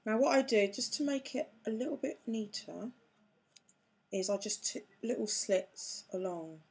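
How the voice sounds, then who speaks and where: A woman walks through a craft project in an easy, chatty way, stopping to poke fun at herself. She speaks slowly, and her voice has a soft, husky edge. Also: mid-range voice, lively intonation. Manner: chatty, self-mocking, talks while working with hands. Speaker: craft tutorial host. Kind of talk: casual craft demonstration.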